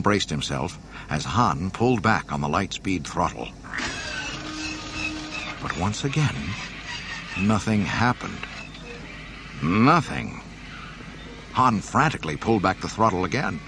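A man narrating an audiobook in a dramatic, expressive way. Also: low-pitched, slow pace, long pauses, slight background noise. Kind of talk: audiobook reading.

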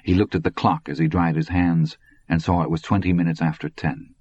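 A man narrating an audiobook in a husky voice. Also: low-pitched, flat delivery, fairly quick, darkish tone. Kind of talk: scripted narration. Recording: dull, lo-fi recording.

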